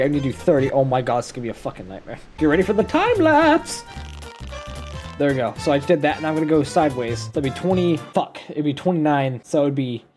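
A gameplay commentator narrating a build in an excitable, self-mocking way, swearing freely and breaking into laughter. The voice swings widely up and down in pitch while talking. Soft music plays faintly in the background.

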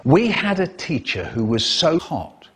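A man telling a comic story with animated, exaggerated expressive delivery. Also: fairly high pitch, unhurried, slightly rough.

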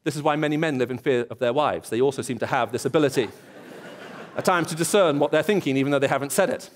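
An English man delivers a church sermon at a fast clip with a medium-pitched voice. He tells stories and acts out snippets of dialogue, putting on different voices.

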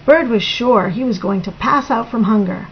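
A woman reading a picture book aloud to a child in an expressive storytelling manner, on a dull lo-fi recording. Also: on the high side, moderate pace, breathy edge.

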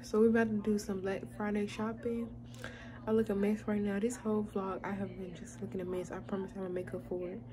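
A woman's voice: mid-range voice, level tone, fast talker, a crowd in the background. A young woman in casual vlog chat, talking straight to her viewers in a chatty, filler-heavy way. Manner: chatty, addresses viewers directly, frequent fillers. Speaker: vlogger.

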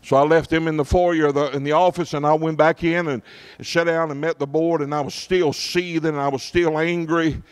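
Pastor, middle-aged man, folksy storytelling sermon with frequent asides to the congregation, a touch higher-pitched than most men. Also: fairly even intonation, moderate pace, clean tone. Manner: folksy preacher, checks in with the congregation often.

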